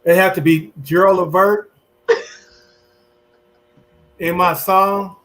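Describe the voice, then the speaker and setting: A man guesting on a relationship podcast, talking slowly and easily. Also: high voice, steady tone, fairly bright tone. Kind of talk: casual chat.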